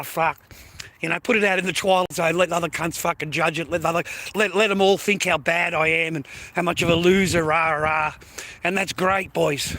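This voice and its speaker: A man with an Australian accent vents to camera in a loose, swearing monologue. His voice sits high for a man and has a sharp, forceful edge. He circles back over the same points and keeps calling his listeners mate. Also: slight background noise, poor audio. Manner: profane, repetitive, addresses viewers as mates and boys. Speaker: vlogger. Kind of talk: ranting casual monologue.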